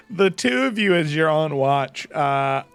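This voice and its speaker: A male game master narrating a tabletop game with animated energy. His voice is high and gravelly, swinging widely in pitch, with faint music in the background. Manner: animated, laughing.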